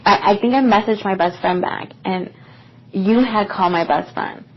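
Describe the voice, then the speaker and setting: A young woman at an ordinary middle pitch recounts a personal story on a podcast, casual and meandering and full of filler words. The recording is muffled and lo-fi, lacking crispness. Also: normal speed. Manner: casual, rambling, with many "like" fillers. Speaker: podcast co-host.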